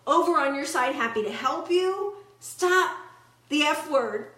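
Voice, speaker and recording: A woman's voice: high voice, echoey room. A woman relationship coach giving a motivational talk, telling client stories and acting out their words. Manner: storytelling, animated quoting of clients.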